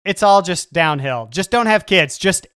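Man in his thirties riffing deadpan as co-host, dry close mic. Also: high-pitched, measured pace, clear, resonant tone, no echo. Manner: deadpan, dramatic rants. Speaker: podcast co-host. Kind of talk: casual comedic chat.

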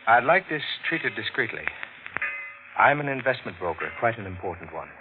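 Composed investment broker, low voice, clipped and commanding, tinny radio sound, music. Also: male voice, big pitch swings, moderate pace, noisy background. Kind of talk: 1940s radio acting.

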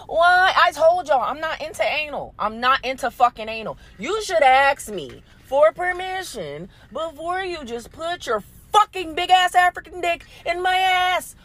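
In an extremely high voice, a little slow and with few pauses, this woman hosts a podcast and spins a story. Her style is animated, blunt and full of profanity, punctuated by frequent laughter, and she speaks directly to her audience, calling them "y'all."

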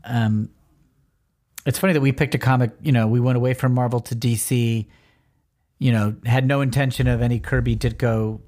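A man in easy, casual conversation, talking through a comic with a co-host. He chats in a relaxed way and sometimes slips into playful voices for the characters' lines. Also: mid-range voice, normal speed. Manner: relaxed, chatty, reads comic dialogue aloud in playful voices. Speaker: podcast co-host. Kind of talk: casual comic book discussion.

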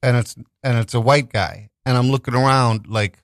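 A man tells a story in casual conversation at a middle pitch. He is animated and profane and often restarts his sentences. He is recorded dry and close on a podcast mic. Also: normal speed, no echo.

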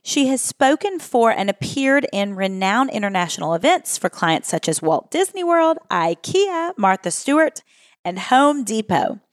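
A woman's voice: on the high side, very animated, unhurried, dry recording, studio quality. A woman from Kentucky with a Kentucky accent, hosting a podcast in a bubbly, gushing way. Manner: bubbly, gushing, laughs often. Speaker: podcast host. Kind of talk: casual interview chat.

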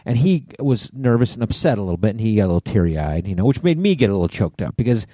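Mellow-voiced man telling a rambling story. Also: on the low side, very animated, fast talker, no room sound, studio quality. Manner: rambling storyteller, swears freely. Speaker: podcast co-host. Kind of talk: casual chat.

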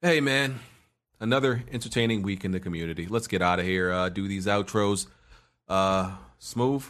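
A man's voice: on the low side, moderate pace, fairly bright tone. A man hosting a casual podcast chat, teasing his co-hosts with laughing banter over a remote call mic. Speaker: podcast host.

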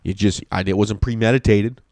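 A young adult man, a podcast host, telling a rambling, profane and excitable comic story in a casual way. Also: lowish voice, a little fast, no room sound.

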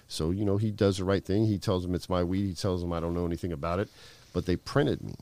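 A man's voice: low voice, fairly even intonation, fast, darkish tone. A middle-aged man telling a long story in casual, rambling speech full of fillers and swearing. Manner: rambling, profane, heavy fillers. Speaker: guest.

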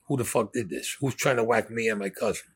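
A man's voice: fairly low pitch, quick pace, breathy edge. A man telling a blunt, profane story as an interviewee, acting out the dialogue as he goes. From New York. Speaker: former mobster interviewee.

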